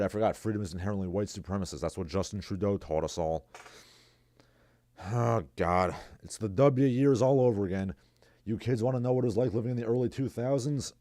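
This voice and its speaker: Recorded with clean studio sound and no room sound, a male livestream host speaks in a lowish, warm voice. He delivers casual solo commentary, sarcastic and rambling, and reads viewers' chat messages aloud.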